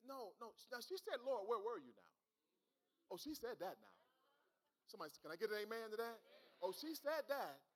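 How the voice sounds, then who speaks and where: A man preaching a sermon, swinging from quiet storytelling to shouted call-and-response. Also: sits high, sing-song, brisk.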